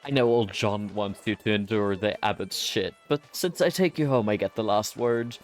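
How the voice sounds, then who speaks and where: A man's voice: on the low side, normal speed, faint music behind, lightly acted. A man voicing a blunt, scornful adult man in a put-on German accent while reading game dialogue aloud.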